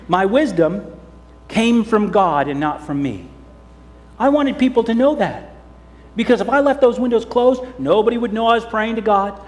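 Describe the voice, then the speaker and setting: A man preaching as pastor, telling a children's story sermon and acting out the characters. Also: high voice. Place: church sanctuary. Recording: long church hall reverb.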